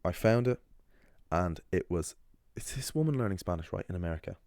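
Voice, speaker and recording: A man's voice: low-pitched, animated, a little fast, a little mellow, no echo, studio quality. A young man, talking casually to camera in a rambling way, with lots of fillers and restarts. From Ireland. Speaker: language channel host. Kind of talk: casual talking-head monologue.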